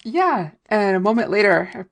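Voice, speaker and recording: Gravelly-voiced woman chatting about a show. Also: mid-range voice, very animated, measured pace. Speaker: podcast co-host. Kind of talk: casual episode recap chat.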